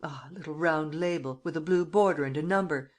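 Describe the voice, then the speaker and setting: A woman reading an audiobook, voicing a suave, teasing male gentleman thief who gives brisk commands. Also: deep voice, close to an everyday voice. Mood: gleeful.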